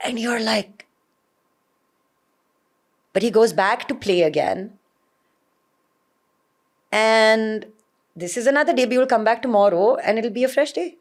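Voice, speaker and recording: An Indian woman, an actor, being interviewed and telling stories in an animated way with frequent laughter. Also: on the high side, a little slow, long pauses. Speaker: guest, actor. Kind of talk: conversational interview.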